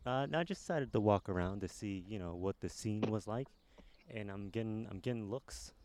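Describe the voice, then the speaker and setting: Low-voiced dry man. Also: fairly quick, noisy background. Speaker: podcast host. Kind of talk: casual remote chat. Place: outdoors in a city park. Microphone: handheld microphone.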